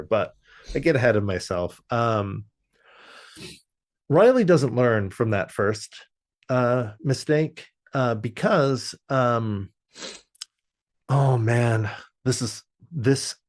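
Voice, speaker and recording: A man in a casual podcast chat, his voice sitting at an ordinary middle pitch. He rambles through the episode recap, pausing and restarting as he searches for words. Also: animated. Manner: rambling with many fillers and restarts. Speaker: podcast co-host. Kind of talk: casual show review chat.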